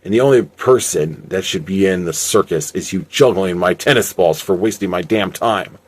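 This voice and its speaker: An impatient, grumpy crime boss who speaks in short, irritated orders, low in pitch, as a man puts him on. He sounds like a character in an amateur storybook reading. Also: moderate pace, slightly rough. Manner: curt, impatient.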